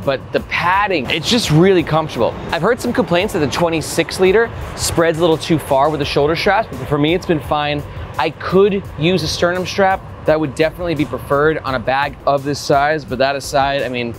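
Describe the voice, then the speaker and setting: Upbeat, slightly high-voiced man reviewing gear. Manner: energetic, jokey, talks straight to the viewer. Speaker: backpack reviewer, channel host. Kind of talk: casual product review. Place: mostly indoors, one stretch walking outdoors.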